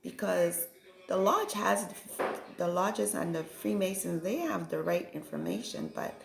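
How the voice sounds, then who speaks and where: A woman's voice: on the low side, unhurried, gravelly. A woman giving a reflective, preachy spiritual monologue and often checking in with "right?". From Caribbean. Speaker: spiritual vlogger. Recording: echoey room with faint music.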